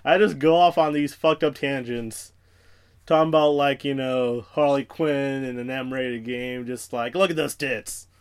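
A man's voice: mid-range voice, steady tone, a little slow, clear, resonant tone. A young man hosting a podcast alone, rambling through profane, self-mocking tangents in casual chat. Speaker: podcast host.

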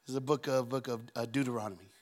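A man preaching a sermon as a guest speaker, telling stories and acting out the scenes with shouts and deep put-on voices. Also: fairly even intonation, fast. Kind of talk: storytelling sermon. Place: church auditorium.

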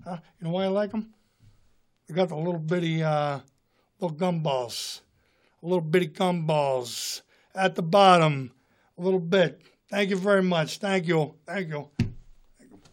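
A man's voice: moderate pace, long pauses, close to an everyday voice. Man doing a growling tough-guy movie star. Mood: chummy. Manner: low, growling, repeats "huh?".

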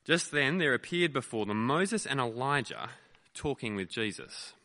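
A male pastor preaching a sermon, telling stories in an animated way with frequent fillers, in a lecture theatre used as a church. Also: mid-range voice, moderate pace, big-room sound. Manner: animated storytelling with many fillers.

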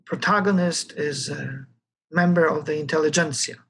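A history lecturer giving a recorded lecture, talking in a halting way with frequent fillers. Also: mid-range voice, a bit bright, slight background noise, low-quality recording.

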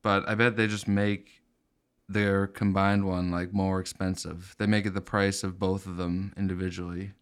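Smooth, low-voiced male podcast host. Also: normal speed. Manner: deadpan, crude riffing. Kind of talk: casual comedic chat.

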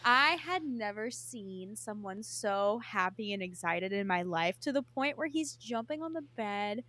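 A woman co-hosting a podcast in casual chat, excited and full of "like" fillers and swearing. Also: medium pitch, measured pace. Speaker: podcast co-host.

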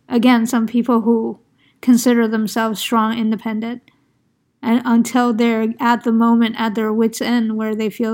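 Woman, casual chat, fairly high voice with gravelly fry, thoughtful and measured. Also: a little mellow. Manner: measured and reflective, with small restarts.

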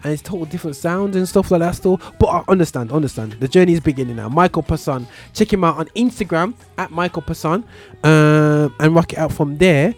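A radio show host with a London accent and a fairly high voice talks fairly quickly with hardly any pauses. He hosts a talk show of casual, slang-filled chat, frequently stumbling over his words.

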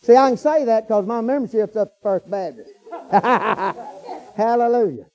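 A man's voice: sits high, measured pace, darkish tone, highs cut off. A middle-aged man preaching a storytelling sermon in a folksy, colloquial way, breaking into hallelujahs.

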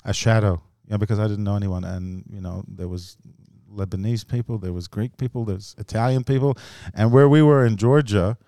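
A man's voice: on the low side, a little fast, few pauses, dark tone, no room sound. Dry-voiced man telling rambling stories. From grew up in the US and Australia. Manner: rambling storytelling with frequent laughs. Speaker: comedian guest. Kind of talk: casual podcast chat.

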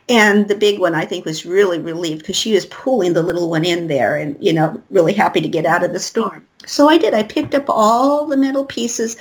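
A woman's voice: mid-range voice, brisk, hardly any pauses, rough recording. A middle-aged woman guest telling a personal story in an interview, acting out the voices of the people in it. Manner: animated storyteller acting out quotes.

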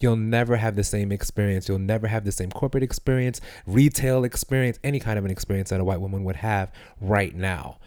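A man's voice: fairly low pitch, brisk, few pauses, darkish tone, dry recording, studio quality. A man co-hosting a podcast, talking earnestly and laying out long arguments in a casual discussion. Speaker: podcast co-host.

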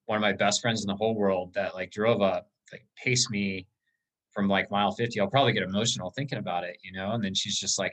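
A man's voice: on the low side, steady tone, quick pace, a bit bright, low-quality recording. A man on a podcast, telling an emotional story about an ultramarathon in a casual, rambling way with many fillers.

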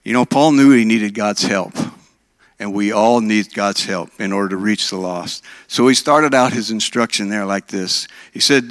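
A man's voice: fairly low pitch, normal speed, no room sound. A man in his sixties from Minnesota, preaching a sermon in a conversational way and asking his congregation questions. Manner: conversational, asks the audience questions. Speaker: pastor.

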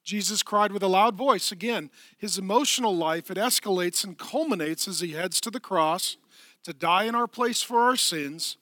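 Male pastor, sermon delivery, high and bright, dry close sound, emphatic with soft hushed passages. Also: moderate pace, no room sound. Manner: emphatic preaching, drops to soft sighing hush.

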